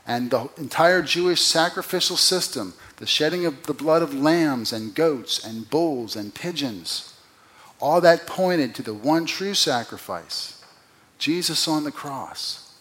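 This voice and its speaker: A man preaching an expository sermon, who asks the listeners rhetorical questions and swings from loud emphatic peaks to quiet, low drops. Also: expressive, slow. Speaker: pastor.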